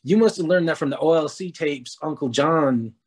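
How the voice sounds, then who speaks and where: Man, slightly high voice, self-mocking anecdotes, relaxed casual talk. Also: moderate pace, husky. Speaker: presenter.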